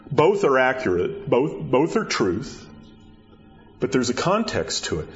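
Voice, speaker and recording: A man preaching a sermon in a conversational way, repeating words and rising in pitch for emphasis. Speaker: pastor. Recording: dull lo-fi recording.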